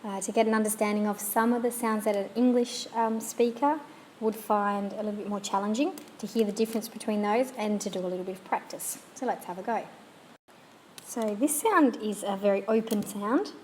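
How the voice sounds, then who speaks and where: A woman teaching pronunciation at a measured pace, modelling each sound and word with care. Her voice sits at a middling pitch. A faint hiss runs under the recording. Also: a little mellow. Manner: slow, demonstrative, models sounds clearly. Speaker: language teacher. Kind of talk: pronunciation lesson.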